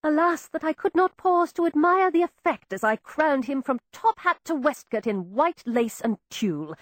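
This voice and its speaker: A woman narrating a first-person novel with a wry, expressive delivery. Her voice sits fairly high and swoops lively through each sentence. The recording is close and dry. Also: normal speed, no room sound. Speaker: audiobook narrator.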